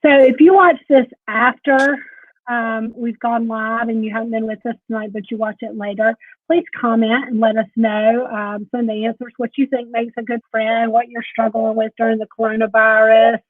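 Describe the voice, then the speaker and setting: A woman's voice: a little high, level tone, moderate pace, dry recording. A woman co-hosting a live chat, encouraging, with lots of agreeing and filler words. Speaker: co-host. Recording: dry tinny phone-like sound.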